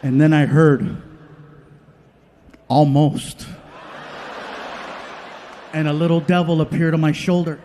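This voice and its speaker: A man doing a stand-up comedy routine, telling stories in an animated way and acting out other people's voices. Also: on the high side, fairly quick. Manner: animated storytelling, acts out voices. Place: comedy stage before a live audience. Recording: live stage audio with audience noise.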